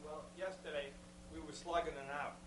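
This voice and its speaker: A man from the congregation telling a personal testimony in an animated way, acting out what he said at the time. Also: a little high, normal speed. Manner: animated storytelling, acting out his own past words. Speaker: congregation member. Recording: echoey room, far from the mic, with a noticeable hum.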